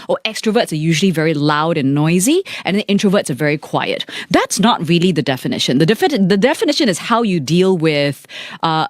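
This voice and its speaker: Playful, animated Singaporean woman radio host. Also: mid-range voice, no echo, studio quality. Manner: animated, playful, reads listener messages aloud. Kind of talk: lively live radio chat. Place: radio studio. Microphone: studio mic.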